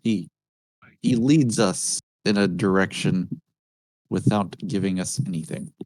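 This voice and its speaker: A man talks in a lowish voice, his sound dry and close with no room around it. He thinks out loud in a casual trading chat, pausing to correct himself and encouraging a friend. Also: no echo, rough recording. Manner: thoughtful, corrects himself, supportive. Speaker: trader in a group voice chat.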